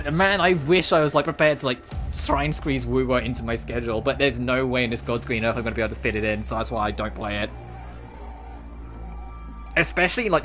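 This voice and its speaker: At the end of a gaming session, a streamer chats loosely, wandering from topic to topic. He has a mid-range, slightly bright voice and rambles, constantly correcting himself and tossing in asides.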